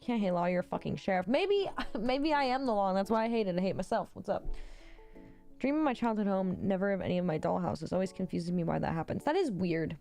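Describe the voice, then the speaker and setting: A woman hosting a casual livestream, talking bluntly with lots of swearing and quick reactions. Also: mid-range voice, expressive, vocal fry, mellow, soft background music. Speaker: livestream host.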